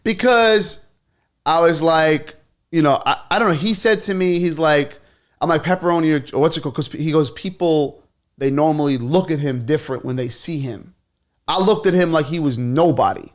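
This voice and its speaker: A man, a comedian, telling stories in a casual chat, animated and quick to laugh, swearing freely. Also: fairly high pitch. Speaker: comedian guest.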